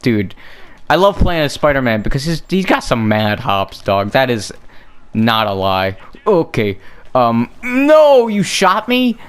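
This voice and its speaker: Young guy streaming a game, smooth voice, goes off on goofy tangents and makes fun of himself. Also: mid-range voice, very animated, measured pace. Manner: rambling, joking, self-mocking. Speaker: gaming streamer. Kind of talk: casual gameplay commentary.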